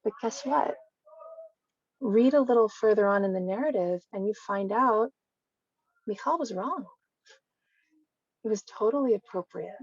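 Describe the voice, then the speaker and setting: A woman guest speaker giving an online Torah talk in a lively, conversational teaching manner. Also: medium pitch, a little slow, long pauses, slightly rough, dry recording. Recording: dry, slightly dull recording.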